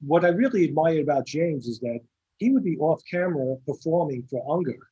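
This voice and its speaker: An older film director with a Staten Island accent tells his stories in a husky, slightly high voice. He rambles and restarts, repeating words as the anecdotes pick up. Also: lively intonation, brisk, warm tone, highs cut off. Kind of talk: casual storytelling interview.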